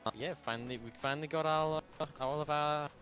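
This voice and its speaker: A man's voice: on the high side, steady tone, quick pace, over loud music. A man playing a fire captain in a role-play game, handing out orders in a joking, bossy way. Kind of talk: casual role-play chat.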